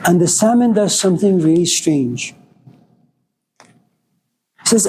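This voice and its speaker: A man's voice: high voice, normal speed, long pauses, darkish tone, a little hiss or hum, rough recording. A man giving a storytelling lecture in a wry, dramatic way.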